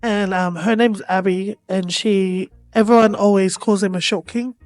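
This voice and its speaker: A woman's voice: medium pitch, steady tone, normal speed, a little mellow, no echo, faint music behind. A woman co-hosting a podcast, casually rambling with many "like" fillers. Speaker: podcast co-host. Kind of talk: casual chat.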